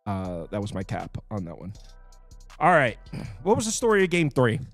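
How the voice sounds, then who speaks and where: A man hosting a sports betting picks show, talking casually and quickly, full of fillers and quick asides. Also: lowish voice, no room sound, soft background music. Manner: animated, quick, with fillers and self-interrupting asides.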